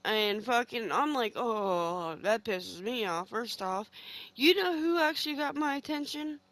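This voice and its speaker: A woman's voice: a little high, expressive, a little slow, fairly bright tone, slight background noise, poor audio. A middle-aged woman streaming a game from her home game room, telling a long story in a heated, profane, rambling way. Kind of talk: casual storytelling chat while gaming.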